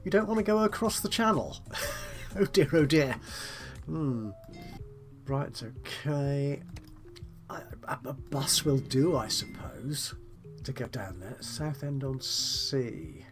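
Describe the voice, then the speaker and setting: A man's voice: mid-range voice, animated, slow, pauses often, over music. A man talking through a strategy game as he plays, musing aloud in a politely chatty, self-deprecating way. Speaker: let's play host. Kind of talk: gameplay commentary, thinking aloud.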